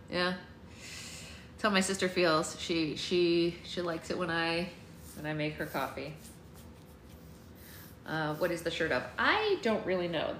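A woman's voice: lowish voice, a bit bright. A woman hosting a book club livestream from home, chatting in a rambling way with viewers and reading aloud. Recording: roomy echo, faint noise.

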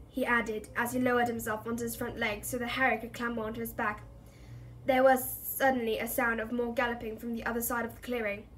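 A woman reads a novel aloud in a steady storytelling voice that sits fairly high. She keeps a plain, even pace, with a few slips along the way. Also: brisk, slight background noise. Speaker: reader.

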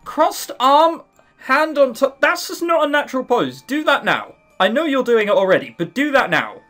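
A man playing through a visual novel, reading the text and tossing in sarcastic remarks. His voice is animated, leaping up and down in pitch. Faint music hums under him. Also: normal speed. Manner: sarcastic, mocking asides. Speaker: visual novel let's-player.

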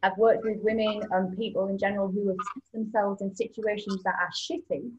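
A woman hosting a casual interview, reflecting on what her guest said and agreeing in quick remarks. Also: medium pitch, fairly even intonation, darkish tone, dull audio. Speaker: host.

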